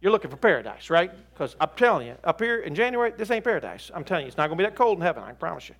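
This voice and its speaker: Racing through his sermon in front of a live crowd, this middle-aged preacher speaks on the high side with vocal fry. He stays emphatic and animated, with folksy jokes along the way.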